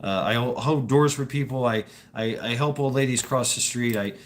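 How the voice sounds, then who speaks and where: A man's voice: medium pitch, normal speed, a little hiss or hum. A man talking casually to his viewers in a rambling monologue, stammering and repeating words, swearing freely and laughing as he goes.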